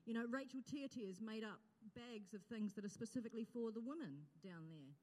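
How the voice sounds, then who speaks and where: Woman outreach leader at church, casual and grateful, higher voice, long hall reverb. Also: a little fast. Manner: warm, chatty and grateful, with laughs and fillers. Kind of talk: speaking to a church congregation. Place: church auditorium.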